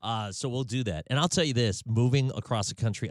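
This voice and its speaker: A man's voice: mid-range voice, a little fast, no echo, studio quality. A man with a Southern accent hosting a radio show, chatting loosely and laughing easily between stories. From Tennessee, US. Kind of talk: casual radio chat. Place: radio studio.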